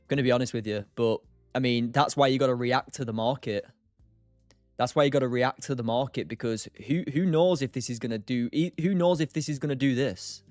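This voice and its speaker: A man's voice: mid-range voice, a little fast, a little mellow, no echo, clean studio sound, faint music behind. Chatty young man hosting a trading stream. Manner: chatty, reads and answers chat by name, laughs often. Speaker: livestream day trader host. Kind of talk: casual live-stream chat.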